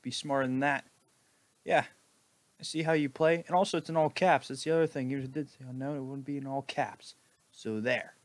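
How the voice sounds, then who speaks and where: A man giving mocking, deadpan sarcastic commentary over a video. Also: mid-range voice, moderate pace, no echo. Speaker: video reactor.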